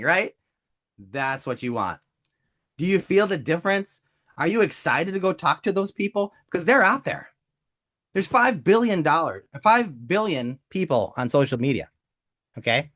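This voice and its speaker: A man hosting a live-stream business training who talks with high energy and often slips into acted-out quotes. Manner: energetic and theatrical, acts out quotes.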